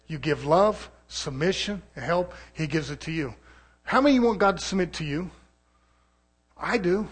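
A man preaching a fervent sermon, swinging from loud, rising shouts to low, quiet stretches. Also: lively intonation, moderate pace, slightly rough.

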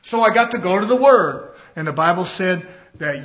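A man preaching a fiery sermon, rising to shouts and dropping low. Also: animated, moderate pace.

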